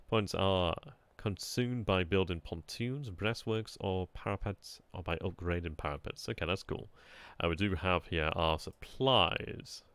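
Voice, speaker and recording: A man casually commentating as he plays a strategy game, chatty and excitable, often laughing at himself. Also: low voice, dry recording. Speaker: gameplay commentator. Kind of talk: casual let's-play commentary.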